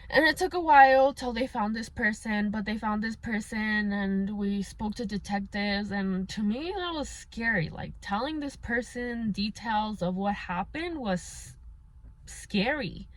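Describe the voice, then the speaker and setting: A woman's voice: fairly high pitch, measured pace. A young woman telling a painful personal story in a casual, candid way, slipping in Spanish words and using many fillers. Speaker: vlogger.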